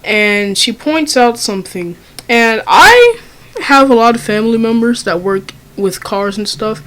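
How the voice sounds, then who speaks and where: A woman's voice: a little high, lively intonation, a little slow, a bit bright, low-quality recording. A young woman telling a story in a casual, profane way, with lots of ums and likes. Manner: casual, profane, many fillers. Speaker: vlogger.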